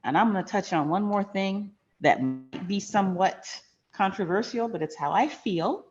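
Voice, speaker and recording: A woman's voice: mid-range voice, lively intonation, moderate pace, darkish tone, dull audio, soft background music. A middle-aged woman hosting a finance channel, telling a personal story in a frank, emphatic, conversational way.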